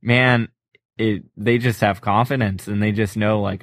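Low-voiced man in casual chat. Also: a little slow, no echo, studio quality. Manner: relaxed, uses "like" often. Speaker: former pro runner, co-host. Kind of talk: casual podcast conversation.

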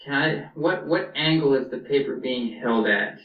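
A man's voice: mid-range voice, lively intonation, moderate pace. Hesitant tabletop player, man, far from the mic, muffled, roomy. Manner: hesitant, searching for words. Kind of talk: tabletop game chat. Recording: distant, echoey, dull sound.

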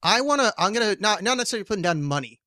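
A man hosting a podcast in casual chat, quick and emphatic, swearing often. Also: high voice, lively intonation, pushed and bright, no room sound, clean studio sound. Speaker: podcast host.

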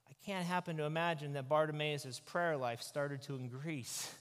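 A man, a pastor, giving an animated, conversational sermon into a microphone. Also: fairly high pitch, moderate pace. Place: church sanctuary. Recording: echoey church hall.

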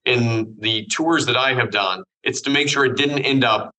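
A man's voice: medium pitch, sharp tone, poor audio. A middle-aged man from Iowa, a congressman speaking earnestly and firmly in a political interview. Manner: earnest, firm, measured speech. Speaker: congressman guest.

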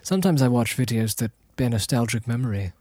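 A man's voice: mid-range voice, animated, fast talker, a little mellow, no room sound. Dry, rambling young man on a podcast. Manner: dry, rambling, self-mocking. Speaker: podcast co-host. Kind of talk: casual chat.

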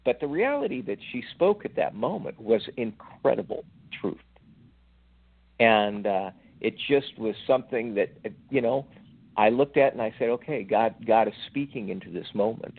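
A man's voice: mid-range voice, lively intonation, gravelly. Older man telling a faith story over thin, phone-like audio. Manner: slow, reflective, halting with fillers. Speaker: podcast guest.

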